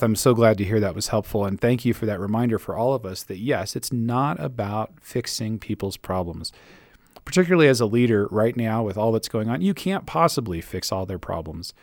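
A man's voice: fairly low pitch, darkish tone, no room sound, clean studio sound. A man hosting a podcast, answering listener questions on leadership with an encouraging, reassuring manner. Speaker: podcast host and leadership coach.

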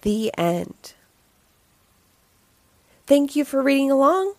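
A woman reading a children's picture book aloud, telling the story in a slow, expressive way. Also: high-pitched, no room sound.

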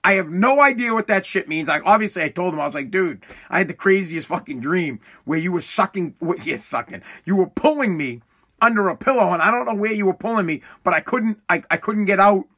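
His voice sits high, with lively intonation and a fairly bright tone, and he talks briskly. He's a man hosting his own podcast, rambling casually and profanely with many restarts.

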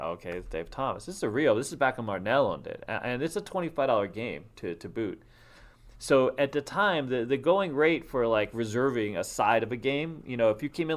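A man hosting a casual conversation, rambling and animated as he tells casino stories. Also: lowish voice. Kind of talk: casual podcast chat.

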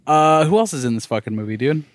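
A man's voice: on the high side, animated, fast, no room sound, clean studio sound. A man co-hosting a casual movie podcast, enthusiastic and swearing a lot as he recommends films. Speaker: podcast co-host. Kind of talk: casual chat.

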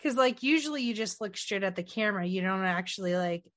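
A woman chatting casually about a movie, retelling scenes in an animated way and swearing offhandedly. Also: mid-range voice, fast talker. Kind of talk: casual movie recap chat.

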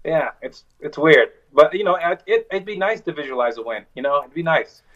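A man's voice: a little high, animated, a little fast, fairly bright tone, highs cut off. A man talking as a wrestler guest in a casual interview, telling stories in a loose, rambling way.

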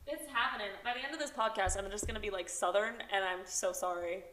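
Young woman, podcast host, bright voice, echoey room, sarcastic and giggly. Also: mid-range voice, fast talker, a little hiss or hum. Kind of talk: casual chat, reading a book review aloud.

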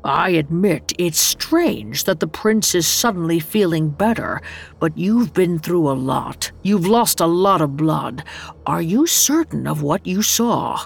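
A woman voicing an anxious old male advisor, lowering her voice into a gruff tone. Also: animated, unhurried, exaggerated voice. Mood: cautious.

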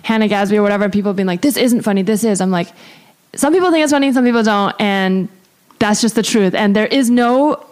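A woman's voice: mid-range voice, darkish tone, clean tone. A woman hosting a casual podcast chat, thinking aloud with lots of fillers. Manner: fast, chatty, thinks aloud with many fillers. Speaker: podcast host.

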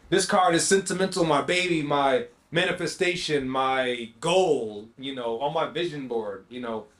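A man's voice: fairly high pitch, reverberant. A man hosting a podcast, telling a personal story in a casual, slangy way and acting out both sides of the conversations. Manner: animated storyteller, acts out dialogue, slangy. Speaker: podcast host.

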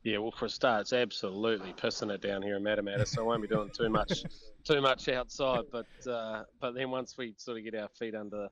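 A man's voice: on the low side, a bit bright. A middle-aged man with a New Zealand accent, chatting laid-back and hesitant with many fillers. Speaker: national cricket coach as guest. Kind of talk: relaxed chat by phone. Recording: dull lo-fi line.

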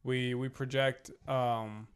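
A man's voice: medium pitch, level tone, takes it slowly, clear, resonant tone. A young man co-hosting a family podcast, reflective and easygoing in casual chat. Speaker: podcast co-host.

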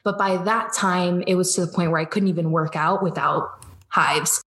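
Young woman from georgia, casual chatty coach, laughs a lot and acts out quotes, kinda low voice. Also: normal speed. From Georgia, USA. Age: 20s. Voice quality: animated, laughs often, quotes herself in lively voices. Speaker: guest, business coach. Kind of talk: casual interview chat.

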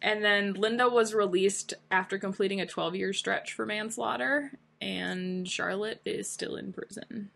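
A woman's voice: mid-range voice, fairly even intonation, a little slow, gravelly, few pauses, a bit bright. A woman co-hosting a casual true crime podcast, giggling often and making self-deprecating jokes. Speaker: podcast co-host.

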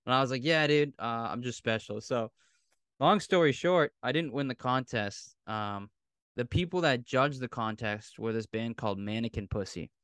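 A man's voice: medium pitch, normal speed, fairly bright tone, clean tone, no room sound, clean studio sound. A man in his thirties with a Massachusetts accent, telling a long, rambling, profane story in casual podcast chat. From Massachusetts, South Shore. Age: 30s. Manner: rambling, profane, laughs often. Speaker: podcast co-host.

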